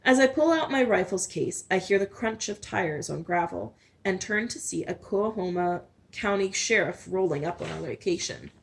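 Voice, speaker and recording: A woman reading a novel aloud in first person, with small slips and restarts. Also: fairly low pitch. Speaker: storyteller.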